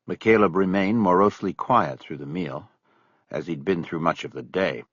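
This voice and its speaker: Low husky guy narrating an audiobook, pretty expressive, dry dull recording. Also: normal speed, no room sound. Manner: expressive storytelling. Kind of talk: scripted narration.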